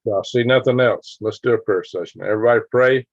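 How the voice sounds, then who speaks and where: A man's voice: mid-range voice, a little fast, no echo. A man, hosting a casual live stream and chatting with viewers, rambling through stories with sound effects and chuckles. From Alabama, US. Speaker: livestream host. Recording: dry, dull lo-fi home stream audio.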